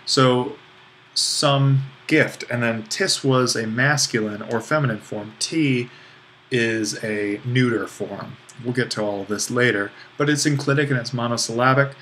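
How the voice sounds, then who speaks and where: A Greek language instructor teaches a recorded online lesson on Greek accents, walking through it step by step in an easygoing way, with fillers and self-deprecating asides. He speaks a little slowly in a medium-pitched, fairly bright voice, with slight background noise.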